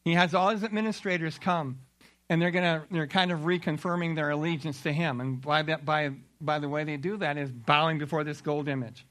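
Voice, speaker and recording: A man delivers a sermon in a high-pitched voice. His tone is bright and forceful as he retells scripture. He tells the stories in an animated way and gives the figures voices. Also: fairly quick. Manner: animated storytelling with acted-out quotes. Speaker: preacher.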